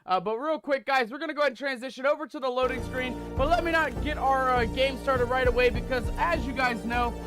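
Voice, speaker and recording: High-voiced hyped male streamer host. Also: fairly quick, few pauses, music in the background. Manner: theatrical pirate-captain patter, calls viewers mateys. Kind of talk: hyped stream intro with pirate persona.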